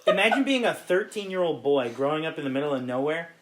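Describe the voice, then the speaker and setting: A man's voice: on the high side, lively intonation, quick pace, a bit bright. Laid-back swearing man from Ohio. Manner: laid-back, swears freely, laughs often. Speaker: podcast guest. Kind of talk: casual chat.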